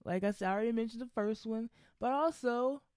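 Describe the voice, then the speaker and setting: Solo podcast host, hot-tempered and profane, loose rambling delivery, mid-pitched voice. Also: fairly quick, a little mellow, clean tone, no echo, studio quality. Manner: heated, profane ranting.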